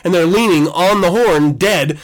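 A man hosting a podcast, telling a story in a casual, animated way, swearing and laughing as he goes. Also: high-pitched, measured pace. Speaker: podcast host.

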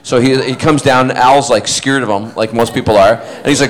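A middle-aged man at a convention panel tells a long funny story into a handheld mic. He acts out the lines of the people in it as he goes, in an easy voice of middle pitch. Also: fairly quick, hardly any pauses. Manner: animated storyteller who acts out quotes. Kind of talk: casual anecdote telling on stage.

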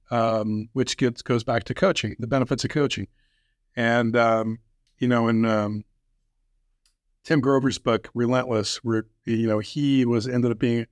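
A man hosting an interview podcast, speaking reflectively with many pauses and "um"s. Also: medium pitch, dry recording, studio quality. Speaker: podcast host. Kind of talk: conversational interview.

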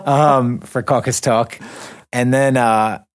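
A man's voice: medium pitch, takes it slowly. A young man co-hosting a podcast, chatting casually and loosely, with lots of fillers and restarts. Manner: relaxed, rambling with fillers and restarts. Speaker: podcast co-host. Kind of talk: casual chat. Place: living in the North Caucasus.

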